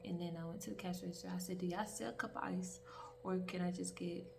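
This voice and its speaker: In a low voice with noticeable vocal fry, a young woman tells a long-winded, expletive-filled story for a relaxed storytime vlog. She stays animated and keeps adding asides, recorded from a distance with a quiet hiss in the background.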